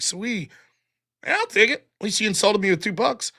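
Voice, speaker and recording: Sarcastic male stream host, bright voice, bouncy delivery, reads chat messages aloud. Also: high voice, unhurried. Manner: sarcastic and animated, mocking repetition. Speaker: livestream host. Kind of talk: live-stream commentary reading viewer messages.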